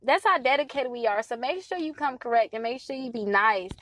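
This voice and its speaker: A woman's voice: fairly high pitch, lively intonation, a little fast, fairly bright tone. A woman in her thirties coaching on credit repair in a casual, chatty talk to her followers, pleading and emphatic. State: stuffy nose from allergies.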